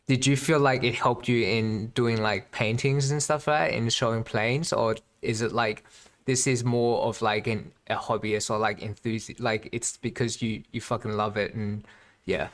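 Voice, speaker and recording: A man's voice: mid-range voice, steady tone, moderate pace, a bit bright. A man in casual chat as a student, hesitant and filling his questions with "like" and "um". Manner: hesitant, heavy use of "like".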